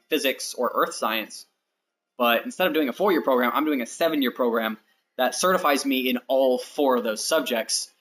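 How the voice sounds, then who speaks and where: A man's voice: mid-range voice, pushed and bright. A young American man in his twenties chatting casually with viewers during a live game stream, rambling and talking straight to his audience. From United States. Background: faint background music.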